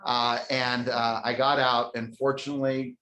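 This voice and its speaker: A man's voice: mid-range voice, level tone, moderate pace, sharp tone. A man who is a company CEO, telling a funny, self-mocking story from a stage to a live audience, chatty and full of restarts. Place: stage in a large room. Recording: echoey room sound.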